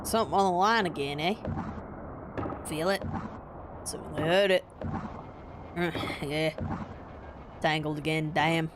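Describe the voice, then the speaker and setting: A woman voicing a gruff rustic male fisherman in a video game, talking in a folksy dialect full of "eh" and "ye". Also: sits low, a little slow, pauses often, noisy background.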